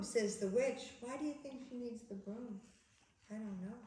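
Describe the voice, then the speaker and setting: A woman reading a picture book aloud in a children's library, coaxing a child with slow questions. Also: on the high side, mellow, slight background noise. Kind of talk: children's story time reading. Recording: echoey room, mic far off.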